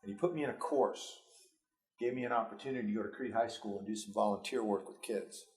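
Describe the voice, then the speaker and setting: A man's voice: lowish voice, fast, a little mellow. A man in his fifties with a New York accent, a school superintendent giving students a motivational talk through personal stories, earnest and given to restarts.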